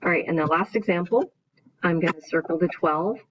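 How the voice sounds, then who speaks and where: A woman math teacher gives a recorded video lesson, explaining each step in order and often checking in with "right?". Her voice is low-leaning and brisk, and the lo-fi recording sounds dull.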